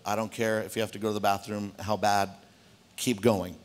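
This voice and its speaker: A man preaching a sermon to his congregation as pastor, telling a story in an animated way and speaking straight to the room. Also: on the low side, fairly quick. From Arizona, United States. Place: church hall.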